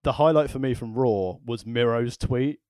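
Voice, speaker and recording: A man's voice: medium pitch, moderate pace, a little mellow, clean tone, no echo, studio quality. A man co-hosting a casual podcast chat, making wry, joking asides. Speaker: podcast co-host.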